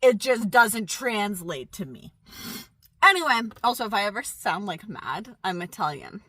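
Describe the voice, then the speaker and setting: Chatty young woman with a bright voice. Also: mid-range voice, big pitch swings, a little slow, breathy edge, no echo. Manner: chatty and candid, with frequent fillers and asides. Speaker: van life vlogger. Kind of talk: casual vlog chat to camera. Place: in and around a parked camper van. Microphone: camera on a tripod.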